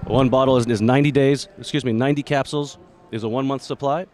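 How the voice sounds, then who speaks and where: A man who founded a company, pitching its product in an interview with earnest, halting speech full of restarts. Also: fairly even intonation, a little mellow, a little hiss or hum. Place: busy expo floor.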